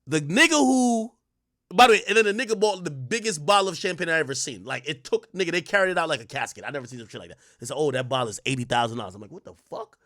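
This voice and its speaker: A man in his thirties hosts his stream and tells a story in casual, profane street slang. His voice sits high and swings widely in pitch, jumping from loud outbursts to low mutters. The sound is dry and close to the mic. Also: quick pace, dry recording. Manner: animated, swings between loud bursts and muttered asides. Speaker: streamer host.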